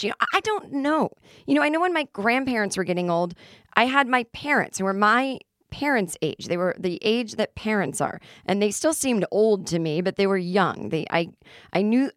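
A woman's voice: lowish voice, dry recording, studio quality. A middle-aged woman hosting a solo podcast, ranting sarcastically and acting out imagined conversations. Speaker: podcast host. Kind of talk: casual solo podcast monologue.

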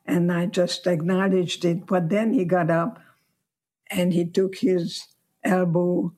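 A woman in her nineties, a guest telling her life story slowly and reflectively. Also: lowish voice, flat delivery, warm tone. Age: 90s.

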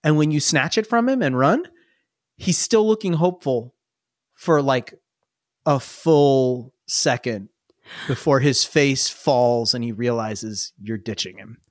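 A woman's voice: very deep voice, lively intonation, slow pace, a little mellow, dry recording, studio quality. A woman narrating a tabletop game as game master, playful and laughing often.

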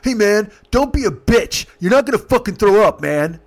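A man's voice: medium pitch, fast talker, lightly acted. A man voicing a pushy drunk young man who talks like a bro and swears while he insists. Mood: scolding. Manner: insistent, loud, profane.

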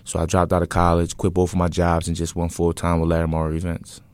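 A young man in his twenties with a very low voice tells his own story to an interviewer. He talks casually and earnestly, often pausing on fillers and restarting his sentences. The sound is dry and close to the mic. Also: monotone, darkish tone, no echo. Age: 20s. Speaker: interview guest, entrepreneur.

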